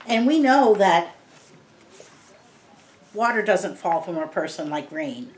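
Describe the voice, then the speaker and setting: A woman's voice: lowish voice, animated, slow pace, long pauses, a little mellow. A woman reading a picture book aloud to children, patiently explaining each word in simple terms. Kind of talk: read-aloud lesson for kids. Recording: roomy echo.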